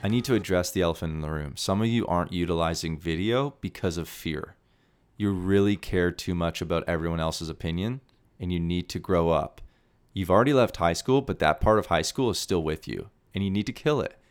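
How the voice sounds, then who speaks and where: Low-voiced excitable male podcast host. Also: fairly quick, smooth. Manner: excitable and salesy, drops to mumbled asides. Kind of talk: energetic solo podcast monologue.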